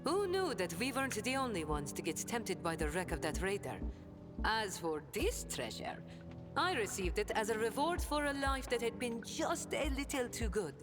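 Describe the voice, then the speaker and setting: A sly, worldly smuggler-trader, voiced by a woman in a video game, speaking with an accent and a theatrical lilt. Her pitch swoops widely, dropping into hushed, conspiratorial asides. Game music plays clearly behind her. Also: natural voice. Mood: boastful. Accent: non-standard accent. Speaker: game companion character.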